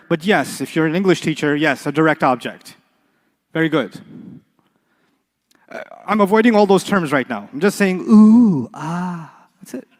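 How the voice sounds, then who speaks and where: High-voiced man teaching in a hall. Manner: playful, repeats sounds and asks the class questions. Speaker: Arabic teacher. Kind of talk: live classroom lecture. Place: lecture hall with a live class. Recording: lecture hall reverb.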